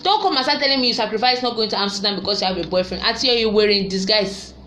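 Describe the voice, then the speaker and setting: A woman's voice: mid-range voice, fast talker, a bit bright, a little hiss or hum. A young Nigerian woman with a Nigerian accent, chatting animatedly and preaching about love and relationships, laughing often and slipping into pidgin. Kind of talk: casual chat commentary.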